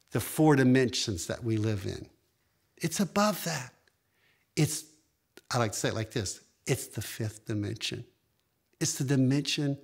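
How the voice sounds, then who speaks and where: Emphatic preaching pastor, man. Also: animated. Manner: emphatic preaching with big pitch jumps and drawn-out phrases. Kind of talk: sermon.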